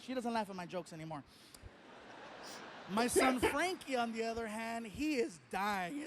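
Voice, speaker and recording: Male stand-up comic, very high voice, lively storyteller who slips into character voices. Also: normal speed, very noisy. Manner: animated, playful voice impressions of people in his story. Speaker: stand-up comedian.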